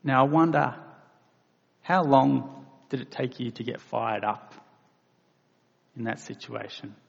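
A man preaching a sermon in a slow, deliberate way, with emphatic bursts now and then. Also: mid-range voice, vocal fry. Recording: dull reverberant hall recording.

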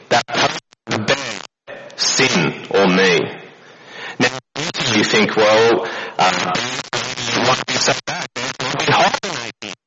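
A man preaching a sermon, telling it as a story and firing off rhetorical questions. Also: mid-range voice. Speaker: pastor. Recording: dull lo-fi recording with noise.

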